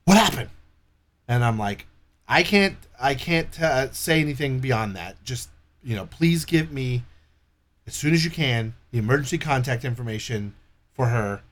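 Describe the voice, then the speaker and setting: A guest with a mid-range male voice, speaking at normal speed, tells a long story during a casual chat. He's animated, swears a lot, and acts out the voices of the people he quotes.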